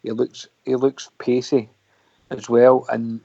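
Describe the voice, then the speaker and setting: A Scottish man on a radio panel, measured with a dry sense of humour. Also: medium pitch, flat delivery, gravelly, warm tone, no echo. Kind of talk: casual radio chat. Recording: dry, dull lo-fi audio.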